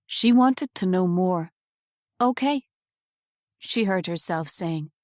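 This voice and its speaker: A woman's voice: fairly low pitch, a little slow, a little mellow, dry recording. Woman narrating a novel, dry close sound. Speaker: audiobook narrator. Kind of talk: scripted audiobook narration.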